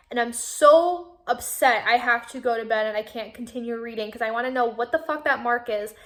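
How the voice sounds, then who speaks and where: High-voiced, excitable woman vlogger. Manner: excitable, gushing, swears freely. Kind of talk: casual book-reaction chat.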